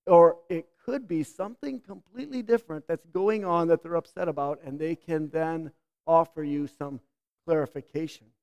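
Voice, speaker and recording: Animated middle-aged man preaching. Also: on the high side, normal speed, clear, resonant tone. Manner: animated, swings from loud outbursts to quiet asides. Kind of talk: sermon.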